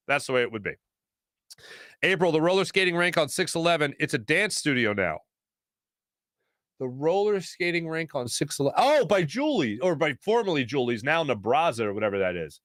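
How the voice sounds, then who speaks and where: A man hosting a casual talk show, rambling through stories with many fillers and animated asides. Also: fairly high pitch, fairly quick, dry recording, clean studio sound. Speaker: show host.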